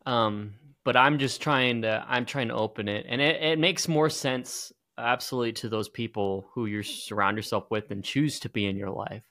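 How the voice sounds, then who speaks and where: A man's voice: mid-range voice, moderate pace, few pauses, sharp tone. A man co-hosting a podcast, working through his ideas hesitantly and restarting his sentences. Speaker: podcast co-host. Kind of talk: casual podcast talk.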